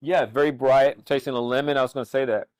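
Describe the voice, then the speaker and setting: A man's voice: medium pitch, quick pace, clear, resonant tone, no room sound. A man demonstrating a recipe as a chef, talking easily with many fillers and restarts. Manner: relaxed, hesitant with fillers and restarts. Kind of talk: cooking demonstration.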